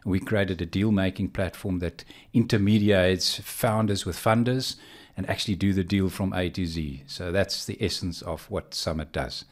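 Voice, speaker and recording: A man's voice: low voice, fairly even intonation, moderate pace, hardly any pauses. A man from Africa, a co-founder guest in a casual podcast interview, speaking plainly and hesitantly with many ums. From South Africa.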